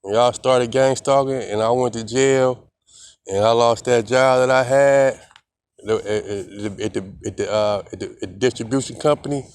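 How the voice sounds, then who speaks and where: A man's voice: mid-range voice, fairly even intonation, normal speed, a little mellow, smooth. A young man, rambling defiantly in a casual vlog monologue, repeating himself and swearing a lot. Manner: heavy slang and profanity. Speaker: vlogger.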